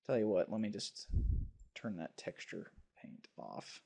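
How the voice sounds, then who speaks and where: A man teaching a software tutorial over a screen recording, talking in a relaxed way and thinking aloud with fillers. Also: sits low, a little slow, vocal fry, husky.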